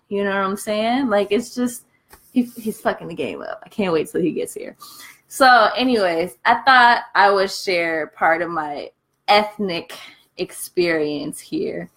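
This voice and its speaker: A young American woman vlogging casually, telling her story in a candid, profane, animated way while eating between sentences. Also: mid-range voice. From United States. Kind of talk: casual vlog chat.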